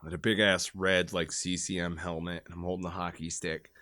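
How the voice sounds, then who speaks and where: A Michigan man in his thirties, guesting on a podcast, tells loud, crude, profane stories in a casual chat, breaking into shouted re-enactments. His low voice comes across flat and a little fast, recorded in a clean studio with no room sound.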